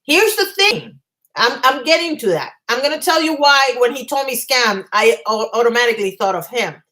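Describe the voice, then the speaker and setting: A woman vlogger on a live stream at home, telling a story in a fast, agitated rush and stumbling over her words. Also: fairly high pitch, animated, bright, forceful tone, poor audio. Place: home apartment.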